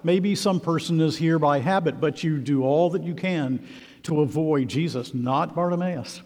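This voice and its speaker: A man preaching a sermon in a church, earnest and emphatic with measured pauses. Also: a little high, a little mellow. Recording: long reverb of a large hall.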